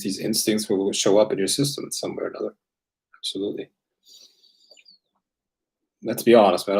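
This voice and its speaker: Bilingual guy hosting a chill stream q&a, lowish voice, rambles a lot with lots of restarts. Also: gravelly, darkish tone. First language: raised bilingual. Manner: rambling, loose, with many fillers and restarts. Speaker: host answering viewer questions. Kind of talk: casual livestream chat.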